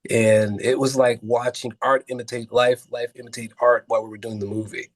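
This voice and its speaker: Husky guy guest on a talk show, middle pitch, rambling along with lots of uhs and ums. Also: little pitch movement, brisk. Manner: earnest, rambling storyteller with frequent fillers. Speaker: film producer and actor, guest. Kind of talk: casual interview storytelling.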